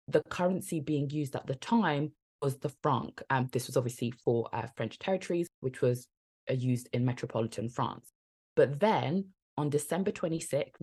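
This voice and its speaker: A woman's voice: rumbling low, a little mellow, slightly rough. A woman co-hosting a podcast in a casual, upbeat, chatty way, laughing often. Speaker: podcast co-host. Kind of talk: casual chat and presenting.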